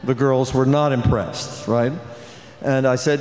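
An older man recounts a memory to a convention audience, pausing and restarting as he talks. His mid-pitched voice rings out with the long reverb of a big, echoey hall. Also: darkish tone. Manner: storytelling with many restarts and fillers. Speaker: actor on a convention panel. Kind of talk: anecdote on a convention panel.

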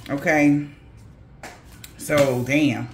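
A woman's voice: deep voice, fairly even intonation, extremely slow, a little hiss or hum. Blunt, profane woman reading tarot. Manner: blunt, slangy and profane, with laughing asides. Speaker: tarot reader. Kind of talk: casual tarot reading to viewers. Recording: echoey room.

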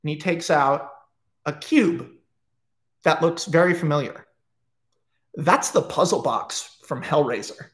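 Animated, profane man pitching a movie. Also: slow pace, long pauses. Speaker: screenwriter pitching a film. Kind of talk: casual storytelling pitch.

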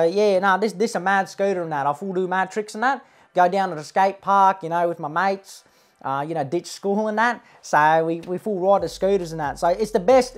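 A woman's voice: medium pitch, lightly acted. A woman playing a brash young male eshay with an Australian accent, slangy and boastful, tagging every line with "bruh" and "lad", in a comic parody vlog. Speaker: comedy parody host.

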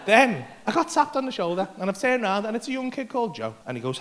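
A middle-aged man telling a sweary, animated story on a comedy club stage. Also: high voice, quick pace, few pauses. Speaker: stand-up comedian.

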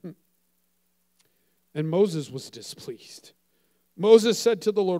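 High-pitched guy preaching, big loud-soft swings, acts out the voices. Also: unhurried, gravelly, long pauses. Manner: animated storytelling, dramatic swings in volume. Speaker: pastor. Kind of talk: sermon.

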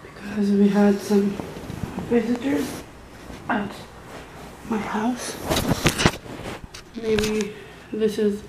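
A woman's voice: mid-range voice, flat delivery, extremely slow, pauses often, heavy background noise. A young woman chatting casually in a home vlog, talking hesitantly with many fillers and restarts. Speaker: vlogger. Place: home bedroom with window open.

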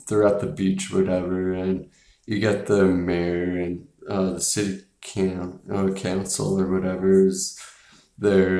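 A man's voice: low-pitched, gravelly, darkish tone. A man hosting a casual movie review, rambling with profanity and filler words. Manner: rambling, profane, laughs and acts out scenes. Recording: echoey room.

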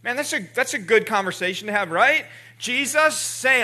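A pastor preaches to his congregation in a church, talking in a loose, conversational way and restarting his words as he goes. His voice sits very high and bright for a man. He keeps asking the room to repeat after him and answer back. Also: expressive, moderate pace, hardly any pauses. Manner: calls on the congregation to respond. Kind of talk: sermon. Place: church sanctuary.

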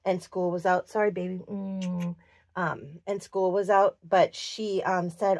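Her voice sits on the low side, dark-toned and fairly even, and she takes her time; the recording is dry and studio quality. This Minnesota doll collector, an adult clinic worker, chats through a show-and-tell of doll outfits, cooing over each little feature.

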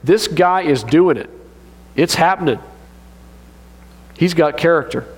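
A man preaching a sermon as pastor, animated and joking in a conversational way. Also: on the high side, a little slow, slightly rough. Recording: long reverb of a church hall.

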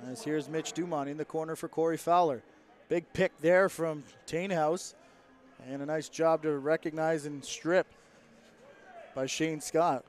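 A man calling lacrosse play-by-play, following the action quickly and lifting his voice as plays develop. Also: fairly high pitch, fairly even intonation, faint music behind. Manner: rapid play-by-play, rising with the action. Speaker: play-by-play commentator. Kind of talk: sports commentary.

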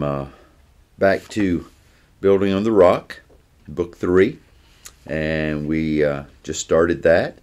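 Very deep-voiced pastor reading a story. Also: male voice, a little mellow. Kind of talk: reading a children's story aloud.

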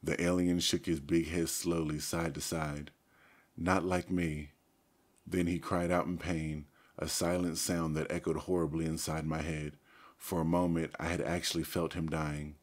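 Male audiobook narrator, low voice, steady first-person reading. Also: moderate pace.

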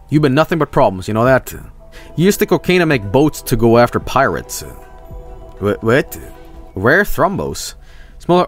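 A young man streaming a video game, swearing and reacting loudly to what happens on screen. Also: mid-range voice, normal speed, faint music behind. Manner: excitable, swears a lot, yells at the game. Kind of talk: live game commentary.

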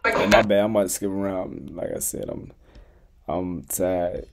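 A man's voice: deep voice, unhurried, creaky, heavy background noise. A man reacting to a video as a streamer, laid-back and slangy, laughing as he comments.

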